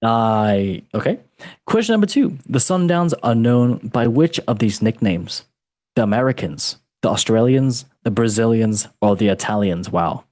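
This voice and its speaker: Man, quiz host, playful teasing, somewhat low voice. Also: animated, unhurried, a little mellow, no echo. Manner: playful, teasing, uses mate and brother. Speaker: podcast host and quizmaster. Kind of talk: casual podcast chat.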